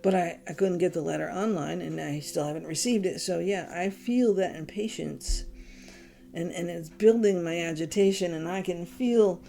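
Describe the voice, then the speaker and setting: A woman's voice: on the low side, moderate pace, gravelly, mellow. Blunt, exasperated woman reading tarot. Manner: blunt, exasperated, swears freely. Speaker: tarot reader. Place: home, candles lit.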